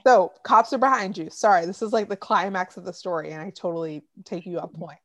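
A young adult woman hosting a casual podcast from home, chatty and quick to cut in with asides and swearing. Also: fairly low pitch, fairly bright tone, no room sound. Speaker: podcast host.

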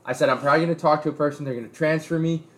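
A man's voice: fairly high pitch, fairly even intonation, very fast. A man in casual chat, telling a long story with rambling restarts.

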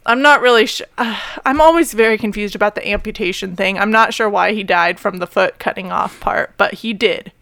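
A woman's voice: medium pitch, fairly quick, creaky, few pauses, fairly bright tone, no echo, studio quality. A young woman co-hosting a podcast, telling a story in casual chat, full of fillers and easy laughs. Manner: chatty, many "like" and "um" fillers, laughs easily. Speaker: podcast co-host.

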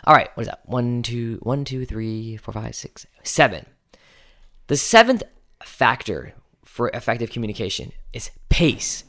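Unhurried and animated, this podcast host speaks in a mid-range, somewhat bright voice as he coaches listeners through an instructional talk. His pace shifts, key words get extra weight, and at times he counts things aloud for himself.

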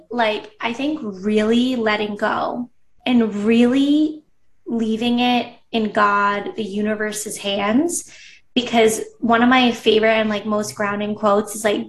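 A woman business coach talks casually in an interview, her voice on the high side with fairly even intonation and a slow pace. She's chatty, uses "like" constantly, and acts out what she used to think. The recording is echoey, with her voice picked up from a distance and a bit off-mic.

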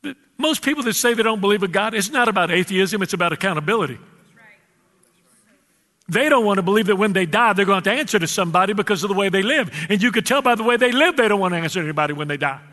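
A man's voice: sits high, lively intonation, sharp tone. A male pastor preaching a sermon, calling out to the congregation and stretching out his key words. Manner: preacherly, calls out to the congregation, drawn-out emphasis. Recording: reverberant hall.

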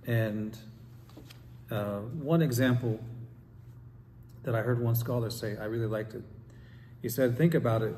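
A man's voice: medium pitch, measured pace, pauses often, dark tone. Guy teaching a religious study class, asks the room questions, long echoey hall, bit of room hum. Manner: asks the class questions, reads quotes aloud. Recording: long hall reverb, faint ambience.

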